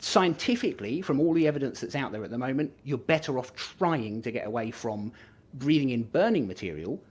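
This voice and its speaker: Lively Norfolk-accented Englishman chatting. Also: mid-range voice, a little fast, husky. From England. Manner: animated, laughs often, trails off and restarts. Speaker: podcast guest. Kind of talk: casual chat.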